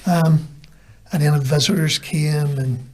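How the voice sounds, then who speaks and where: Slow and steady, this man's husky, darkish voice is still on the high side. A Belfast native with a Northern Irish accent, he tells casual stories on a podcast as a guest, acting out the words others said to him.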